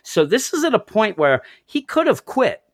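A man's voice: high voice, wildly swooping pitch, normal speed. A man casually discussing comics on a podcast, enthusiastically retelling scenes and quoting the characters' lines. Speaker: comic book podcast host.

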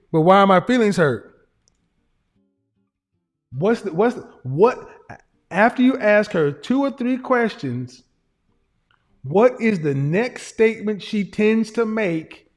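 A male streamer lectures his chat in a blunt, emphatic way and curses freely. His voice sits high for a man. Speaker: streamer and commentator. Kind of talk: casual livestream commentary.

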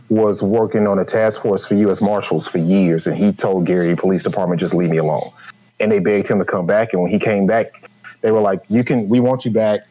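A man's voice: on the low side, highs cut off. A man talking in a casual panel discussion, explaining his views thoughtfully and at length. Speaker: comedian guest.

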